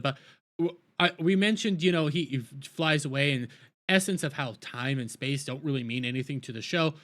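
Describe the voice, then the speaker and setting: A man's voice: fairly high pitch, lively intonation, moderate pace, sharp tone. A man casually recapping a show episode, rambling with stammered restarts and incredulous outbursts. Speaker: show reviewer.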